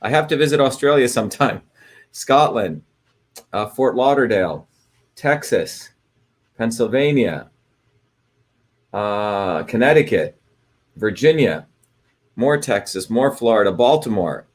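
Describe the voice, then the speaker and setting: Man hosting a livestream, rambling, lots of fillers, mid-pitched voice. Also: animated, unhurried, long pauses. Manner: rambling, greets viewers by place, frequent fillers and restarts. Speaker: livestream host. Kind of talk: casual livestream talk.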